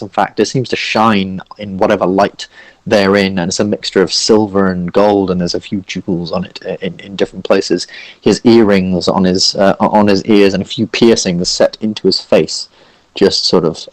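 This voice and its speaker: A young man narrating a tabletop game as dungeon master, relaxed with lots of fillers. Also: low voice, no echo.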